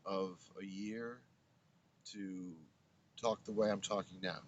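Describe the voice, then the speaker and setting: An older man in his seventies from Brooklyn, New York, a former radio broadcaster, tells stories as an interview guest. His low, earnest voice stays fairly even, moving slowly with frequent pauses and restarted phrases, against slight background noise.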